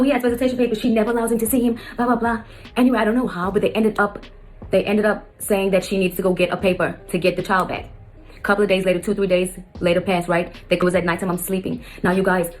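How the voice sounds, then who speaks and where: Woman rushing through a family story, low-ish voice, keeps saying you guys. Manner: rambling, keeps addressing viewers as you guys. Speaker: stepmother telling her story. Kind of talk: fast emotional storytelling to camera.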